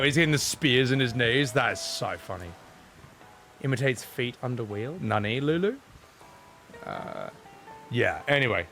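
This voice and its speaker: A man's voice: mid-range voice, a bit bright. Brief: male streamer, rambling and opinionated, curses casually, faint music underneath. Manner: opinionated, rambling, swears freely. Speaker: game streamer. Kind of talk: casual live-stream chat.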